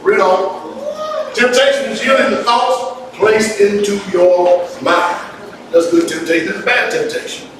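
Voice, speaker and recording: A man pastor giving a lively, playful sermon, teasing the congregation and calling for responses. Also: sits high, a little slow. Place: church. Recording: echoey church room from far off, noisy.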